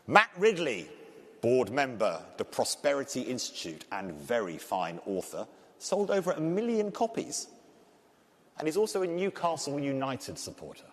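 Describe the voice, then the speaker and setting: A man with a thick Scouse accent moderating a live panel discussion, joking and energetic. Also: mid-range voice, normal speed. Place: large conference hall. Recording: reverberant hall.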